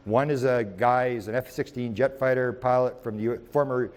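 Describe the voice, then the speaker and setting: A man gives a UFO research lecture built on anecdotes, telling stories as an animated narrator in the present tense. He rambles, often restarting and repeating words, in a mid-range voice at normal speed.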